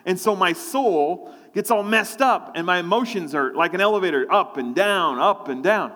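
A male preacher delivers a sermon through personal storytelling. His voice sits a touch higher than most men's, and a long reverb trails behind it. He slips into the voices of his own thoughts and prayers as he speaks. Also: expressive, normal speed, a bit bright.

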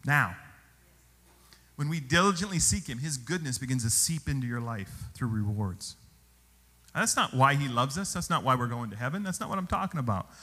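A male pastor preaching a sermon, telling stories with animated exclamations. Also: medium pitch, brisk. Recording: long hall reverb.

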